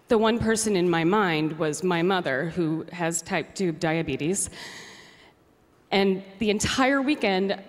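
Young woman, heartfelt testimonial, long hall reverb. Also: medium pitch. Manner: earnest, heartfelt, tearful at times. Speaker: guest speaker. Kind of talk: emotional testimonial speech. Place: large hall.

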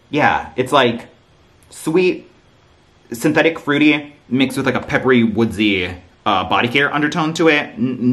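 A man's voice: mid-range voice, fairly bright tone. A man hosting a casual product review vlog about candles he designed, talking in an effusive, gushing way with lots of "like" and filler words.

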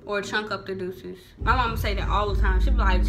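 Over music, a young woman from Houston, Texas, chats casually in her vlog about local slang, her Southern Houston accent clear. Her mid-range voice moves fairly quickly, full of laughter and plenty of "like."

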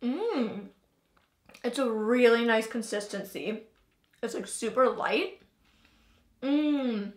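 A woman's voice: on the high side, lively intonation, slow, long pauses, echoey room. A young woman hosting a casual taste-test vlog, chatting in a loose, filler-heavy way and talking between bites. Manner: chatty, filler-heavy, talks while chewing. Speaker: vlogger host.

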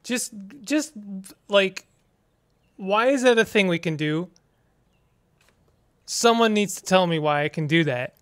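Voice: mid-range voice, lively intonation, slow pace, pauses often. A gaming streamer giving let's play commentary, playful and exasperated, with dramatic outbursts, silly made-up words and the odd muttered aside.

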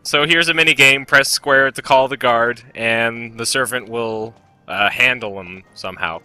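A man's voice: mid-range voice, measured pace, bright, forceful tone, smooth, no room sound, soft background music. A man playing a video game and commenting casually, joking and swearing freely. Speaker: let's play host and player.

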